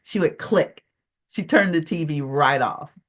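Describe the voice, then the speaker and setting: A woman's voice: sits low, unhurried, a bit bright. A middle-aged woman giving a conversational presentation as a trainer in an online session, telling stories with animation and coaxing listeners to join in.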